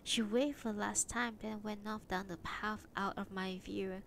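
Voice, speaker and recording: A woman reading a novel aloud on a livestream, narrating calmly and steadily, at times dropping to a whisper. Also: medium pitch, measured pace, vocal fry, a little hiss or hum, rough recording. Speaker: reader.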